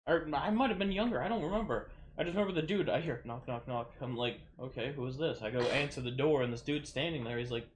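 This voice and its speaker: Man, casual podcast chat, rambling storyteller, mid pitch. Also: quick pace, slight background noise. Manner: rambling storyteller, swears, acts out quotes loudly. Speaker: podcast co-host.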